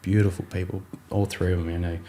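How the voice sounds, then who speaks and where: A man's voice: sits low, little pitch movement, quick pace, dark tone. A young Australian man, a rugby league player, telling his story in a casual interview, rambling with many fillers and acting out his coach's words.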